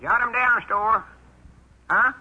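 A man putting on a raised, squeaky fake voice for an old country grandpa pretending to be a stranger on the telephone. He keeps stalling and hesitating mid-order, and the sound is bright and scratchy in the manner of a muffled vintage radio broadcast. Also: slow pace, breathy edge, full character voice. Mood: fake politeness. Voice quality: raised, put-on falsetto-ish tone. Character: old rural grandpa faking a high city voice.

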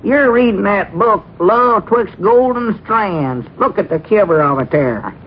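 An actor playing an excitable, teasing country storekeeper with a drawl, in 1940s radio comedy. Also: male voice, a little slow, a little hiss or hum. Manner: excitable, teasing, jumps up in pitch. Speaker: general store keeper. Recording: muffled old radio broadcast recording.

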